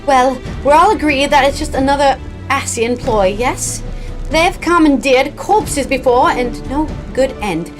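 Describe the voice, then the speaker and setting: A woman voicing a composed, scholarly young female mage as she reads game dialogue aloud, measured and formal. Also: high-pitched, music in the background. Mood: firm.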